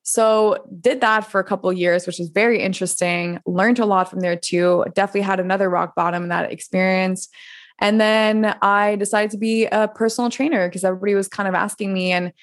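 A woman's voice: mid-range voice, fairly even intonation, fairly quick. A woman in her thirties from France, a podcast guest telling her story in a candid, chatty way, filling her talk with "like" and swearing freely. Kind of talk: casual interview storytelling.

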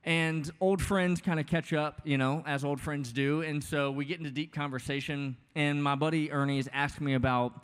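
Guy in his 30s preaching, kinda high voice, chatty and jokey, lots of hall echo. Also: fairly even intonation, normal speed, hardly any pauses, smooth. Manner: casual, joking, conversational preaching with many asides. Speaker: pastor. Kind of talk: sermon. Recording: long hall reverb.

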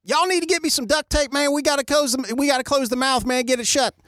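Man doing a feral hillbilly soldier, high put-on voice, thick drawl. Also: fairly even intonation, quick pace, fairly bright tone, no room sound, studio quality. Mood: excited. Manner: exaggerated drawling put-on accent.

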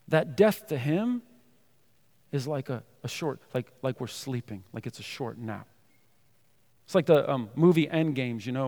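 A man preaching a sermon, reading scripture loudly and then dropping to soft, tender tones to make a point. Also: medium pitch. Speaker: pastor.

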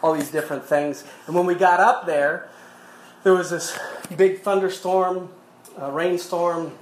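A man's voice: high-pitched, steady tone, a little slow, slight background noise. A pastor preaching a sermon, telling a story between quoted scripture and chuckling as he goes. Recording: echoey room.

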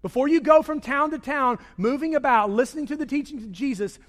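High-voiced preaching man, hall reverb. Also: fairly quick. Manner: preaches with dramatic swings between loud raised delivery and hushed low quoting. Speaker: pastor. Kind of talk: sermon. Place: church sanctuary. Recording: long reverb of a large hall.

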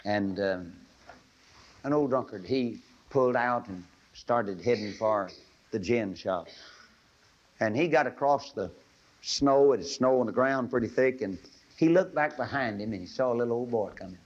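A man delivers a fervent, homespun sermon to a live congregation. His everyday-pitched voice swells into emphatic pleading on the key lines. The sound is muffled and lo-fi, like a vintage radio broadcast. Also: normal speed. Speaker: radio preacher. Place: live sermon before an audience. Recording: dull lo-fi old radio broadcast.

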